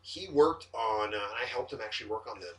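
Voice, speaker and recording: A man's voice: medium pitch, animated, fairly quick, distant mic. A man hosting a casual podcast from his home kitchen, rambling and joking loosely. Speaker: podcast host.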